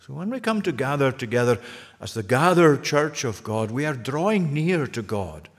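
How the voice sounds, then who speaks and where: A pastor preaching a sermon, earnest, putting repeated questions to the congregation. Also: male voice, mid-range voice, sing-song, moderate pace, in a large hall. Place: church.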